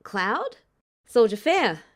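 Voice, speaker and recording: A woman's voice: fairly high pitch, measured pace. Woman voicing a nervous earnest young trooper, stammery and sincere. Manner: hesitant, earnest, hushed at times.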